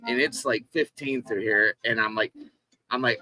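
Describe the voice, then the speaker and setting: A loose, bright-voiced man telling stories. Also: medium pitch, normal speed, a little hiss or hum, low-quality recording. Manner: profane storyteller, animated retelling of a confrontation. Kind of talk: casual chat.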